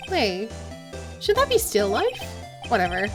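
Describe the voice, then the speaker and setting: A woman's voice: fairly high pitch, animated, a little slow, faint music behind. Giggly woman streaming a game. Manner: giggly, joking asides. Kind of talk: casual let's-play commentary.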